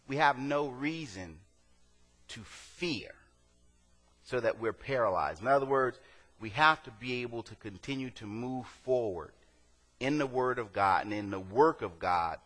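A man's voice: mid-range voice, lively intonation, unhurried, fairly bright tone, in a large hall. A male pastor preaching a sermon, talking to the congregation in a conversational way and rising to emphatic peaks.

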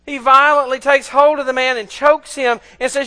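A man's voice: very high voice, flat delivery, moderate pace, bright, forceful tone, in a large hall. A man preaching a sermon in a conversational way, often asking his listeners rhetorical questions.

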